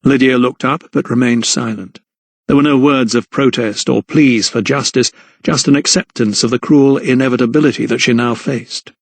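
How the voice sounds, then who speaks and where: A male narrator reading a historical mystery audiobook in a measured, even voice of middle pitch. The sound is dry and close to the mic, with no room around it. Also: no echo. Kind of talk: scripted narration.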